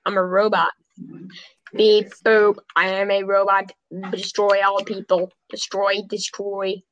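A woman's voice: medium pitch, little pitch movement, slow, lightly acted, poor audio. A girl playing a beeping robot bent on destruction. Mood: mock menacing. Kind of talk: playful role-play while gaming.

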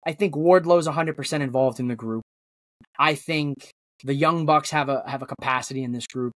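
A man's voice: medium pitch, a little fast, fairly bright tone, dry recording. Rambling man on a dry podcast mic. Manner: rambling, theorizing with many restarts. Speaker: wrestling podcast host, guest. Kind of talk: casual podcast chat.

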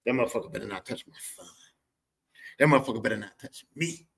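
A man's voice: medium pitch, quick pace, vocal fry, fairly bright tone, slightly rough, distant mic, voice pushed down. A man voicing his hot-tempered, protective father, who talks in a blunt, profane, threatening way. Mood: angry.

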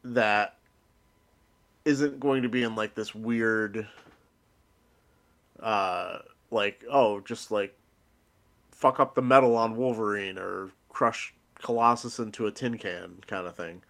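A man's voice: lowish voice, takes it slowly, long pauses, a bit bright. A man co-hosting a podcast in casual chat, rambling with restarts and laughing often. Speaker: podcast co-host.

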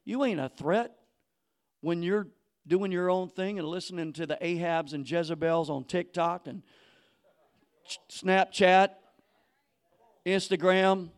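High-voiced fiery preacher man. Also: measured pace, pauses often, smooth. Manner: fiery, builds to shouting; casual street slang, acts out quoted people. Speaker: pastor. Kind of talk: sermon.

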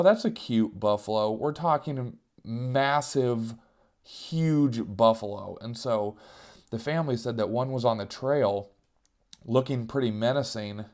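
A man telling a comic story about himself, animated and self-mocking, sometimes jumping into higher voices to act out what people said. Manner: self-mocking, animated, jumps into squeaky voices for quoted cries.

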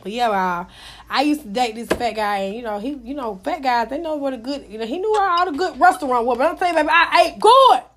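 A young woman tells raunchy stories in a brash, mocking voice. She sits high in her range, swears freely and keeps laughing at her own jokes. A faint hiss runs under the recording. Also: expressive, fast. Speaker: storyteller. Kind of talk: casual raunchy storytelling.

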